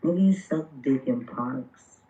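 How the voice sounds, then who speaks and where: A drunk woman in a voice chat, mumbling and hurling taunts on a low mic. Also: lively intonation, slow, mellow. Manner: taunting, insulting. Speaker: voice chat participant. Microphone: low-level mic. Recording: dull lo-fi mic with faint noise.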